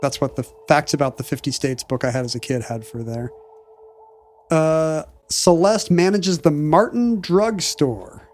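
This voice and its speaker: A man's voice: on the high side, a little slow, darkish tone. A man co-hosting a podcast in casual chat, reading listener mail with dry asides. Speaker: podcast co-host.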